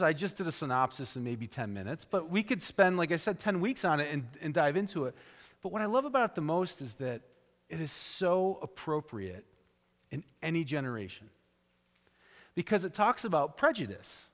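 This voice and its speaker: A man delivering a sermon in a fairly high voice. He retells a story and jumps into raised, animated voices for the characters he quotes. His words ring out with a long echo, as in a large church hall. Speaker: preacher.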